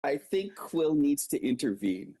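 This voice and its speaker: A man's voice: on the high side, very animated, measured pace, dark tone, slightly rough. A man playing in a tabletop game, casual and wry. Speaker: player.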